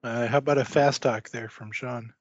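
A man running a tabletop role-playing game as game master, narrating slowly with many fillers. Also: medium pitch, steady tone, no room sound, highs cut off. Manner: slow, hesitant, many fillers.

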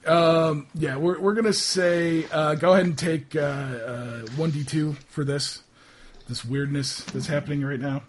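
A man narrating as game master for a tabletop game, halting with many fillers. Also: fairly high pitch, steady tone, slight background noise.

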